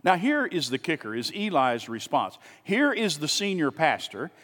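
A man's voice: a little high, big pitch swings, normal speed, a bit bright, slightly rough, long reverb tail. A man pastor preaching a sermon in a casual, conversational way, asking rhetorical questions and dropping asides to his congregation. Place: church sanctuary.

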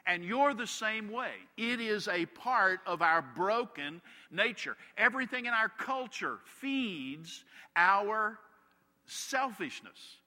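A pastor delivers a sermon, a man whose slightly high voice comes through sharp and forceful. He teaches through funny everyday anecdotes. His words ring out with a long reverberant tail from a large church hall. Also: animated, takes it slowly. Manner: storytelling with humorous anecdotes.

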